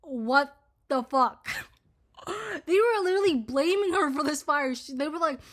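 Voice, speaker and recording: Young woman vlogger, high voice, profane rambling rant to camera. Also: expressive, normal speed. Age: 20s. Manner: profane, rambling, heavy filler words. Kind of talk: casual ranting commentary to camera.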